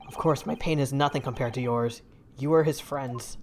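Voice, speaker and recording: A woman's voice: a bass voice, steady tone, normal speed, slight background noise, voice pushed down. A woman voicing a weary, dutiful young male ship's guard who speaks in a subdued, apologetic way.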